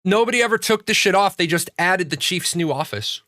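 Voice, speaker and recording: A man from the United States chatting casually on his stream, a profane storyteller who rants and restarts his sentences. His voice sits a bit high and sounds bright and forceful. The recording is close and dry, with no room around it. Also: animated, fairly quick, no room sound. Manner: rambling with frequent restarts. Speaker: streamer hosting a game community show. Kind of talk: casual livestream chat.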